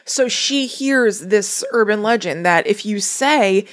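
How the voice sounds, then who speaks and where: A woman's voice: mid-range voice, slow. A woman co-hosting a podcast, casually recapping a movie plot with chatty asides. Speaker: podcast co-host.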